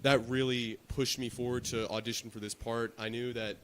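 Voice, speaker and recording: A man's voice: mid-range voice, level tone, moderate pace, fairly bright tone, slight background noise. A teenage boy being interviewed about his school musical role, answering confidently and earnestly. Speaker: student guest.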